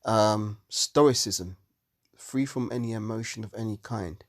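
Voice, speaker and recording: A man's voice: fairly low pitch, a little slow, no echo, clean studio sound. A man giving a heated, profane monologue on religion, sounding exasperated. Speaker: religious commentator.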